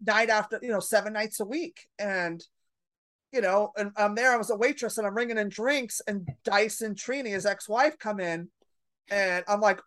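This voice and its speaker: A middle-aged woman comedian telling brash stories in a casual podcast chat, acting out her own reactions loudly. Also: mid-range voice, moderate pace, dry recording. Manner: brash storyteller, loud animated re-enactments. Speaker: comedian guest.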